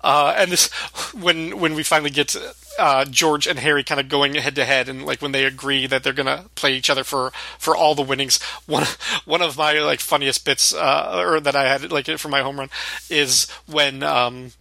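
A man's voice: on the high side, fairly even intonation, moderate pace, vocal fry, sharp tone, no echo. A man co-hosting a casual podcast, recapping a sitcom episode, acting out lines and laughing often. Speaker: podcast co-host.

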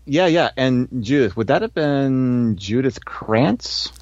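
A man hosting a podcast, chatting casually and thinking aloud with animated asides. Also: medium pitch, takes it slowly, no echo, lo-fi sound. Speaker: podcast host. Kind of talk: casual chat about a sitcom episode.

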